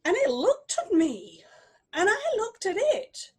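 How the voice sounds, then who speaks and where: High, dramatic woman storyteller. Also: huge pitch swings, darkish tone. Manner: dramatic, slow, with long pauses. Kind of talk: improvised live storytelling.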